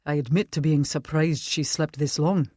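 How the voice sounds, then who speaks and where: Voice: mid-range voice, fairly even intonation, normal speed, a little mellow, dry recording, studio quality, close to an everyday voice. An audiobook narrator voicing a grim, regretful Scottish male immortal.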